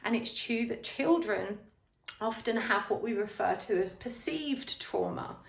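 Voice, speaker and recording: A woman's voice: on the high side, animated, measured pace, vocal fry, reverberant. A woman giving a pick-a-card tarot reading, speaking straight to the viewer with earnest, reassuring advice. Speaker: tarot reader.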